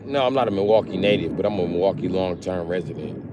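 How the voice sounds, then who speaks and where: A man from Chicago with a strikingly deep, low voice, chatting casually to his livestream viewers. He jokes bluntly and swears freely. A faint hum of background noise sits under his voice. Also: animated, fast talker. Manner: profane, blunt, joking banter. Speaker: livestream host.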